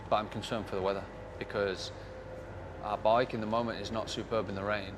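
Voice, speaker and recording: A man from Britain, a motorcycle racer, answering an interview in a low-key, determined way. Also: flat delivery, a little fast. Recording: noisy outdoor paddock interview.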